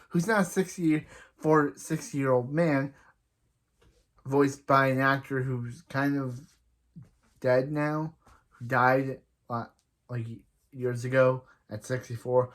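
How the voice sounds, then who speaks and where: A man casually recapping an anime episode, rambling, restarting sentences, and often trailing off quietly. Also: mid-range voice. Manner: rambling, with frequent restarts and "he's like" retellings.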